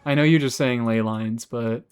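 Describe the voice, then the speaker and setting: A sarcastic young man talks to his live chat from a home gaming setup, teasing viewers and swearing freely. His voice is smooth and clear, sitting at an ordinary middle pitch, picked up on a desk mic. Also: normal speed, faint music behind. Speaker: streamer. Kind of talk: casual game stream chat.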